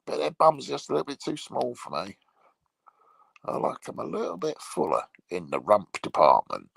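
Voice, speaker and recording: A man playing a crude male troll, delivering a rambling, swear-filled comedy monologue in a gravelly, husky voice. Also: medium pitch, wildly swooping pitch, moderate pace, no echo, full character voice, poor audio.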